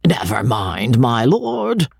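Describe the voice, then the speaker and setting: A man's voice: medium pitch, wildly swooping pitch, takes it slowly, creaky, a little mellow, breathy edge, no echo, studio quality, full character voice. A man voicing a coarse, jovial old country baronet who talks bluntly at dinner.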